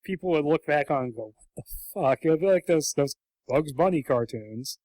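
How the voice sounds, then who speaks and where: Higher-voiced male podcast co-host, animated and jokey, dry close sound. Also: fairly quick, dry recording. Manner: animated, acts out quotes in comic voices. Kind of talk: casual podcast chat.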